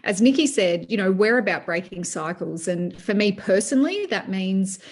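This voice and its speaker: A woman's voice: medium pitch, expressive, moderate pace. A middle-aged woman guest talking about money management in a conversational interview, earnest and given to long, looping sentences.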